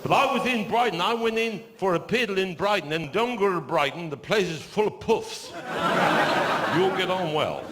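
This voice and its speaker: An older man with a Cornish accent telling stand-up stories, with dry deadpan asides after each punchline. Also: sits high, moderate pace, heavy background noise. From Cornwall. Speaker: stand-up comedian. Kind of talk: stand-up storytelling. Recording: live show in a large hall with audience laughter.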